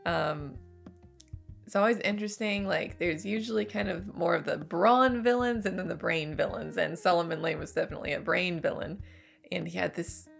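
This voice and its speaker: Reaction host, young adult woman, sick with a cold: scratchy and stuffy, lowish pitch, chatty and excited. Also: vocal fry. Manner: enthusiastic, gushing, laughs often. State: hoarse from a cold, a bit stuffy. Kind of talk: casual spoken movie review.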